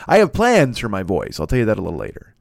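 A man's voice: lowish voice, huge pitch swings, quick pace, creaky, no echo, clean studio sound. A man in his forties hosting a solo podcast, rambling, swearing freely and poking fun at himself while he records alone. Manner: rambling, profane, self-mocking. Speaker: podcast host. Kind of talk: casual solo podcast chat. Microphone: studio microphone.

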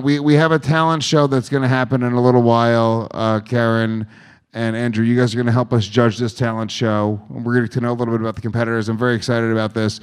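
A man emceeing a live stage show with a brash, crude, joking delivery. His voice is smooth and resonant. It sits at an ordinary middle pitch. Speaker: live podcast host.

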